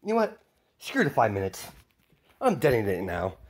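A man's voice: on the low side, wildly swooping pitch, brisk, slightly rough, exaggerated voice. A man voicing a gleeful villainous boy, the Joker's son, in a taunting, cheerfully menacing manner. He is telling a casual homemade story.

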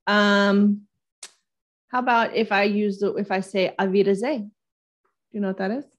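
A playful woman co-hosting a relaxed chat show, running a guessing game for her co-host. She reads the questions out in a teasing, easygoing way. Her voice sits at an ordinary middle pitch for a woman. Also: a little slow. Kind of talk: casual chat.

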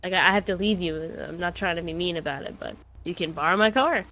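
A woman's voice: fairly low pitch, fast talker, a bit bright, highs cut off. A woman in improvised role-play chat, dry and exasperated with her partner.

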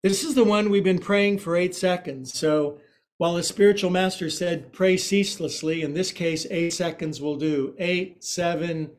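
A man's voice: high-pitched, steady tone, moderate pace. A man teaching a live yoga class, cueing poses with playful jokes and asides.

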